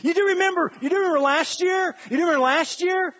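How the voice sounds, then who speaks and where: A man's voice: extremely high pitch, fast talker, fairly bright tone, lo-fi sound, pitched above the performer's own voice. A preacher voicing God as a let-down heavenly father. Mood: pleading. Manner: wry, pleading, with repeated rhetorical questions.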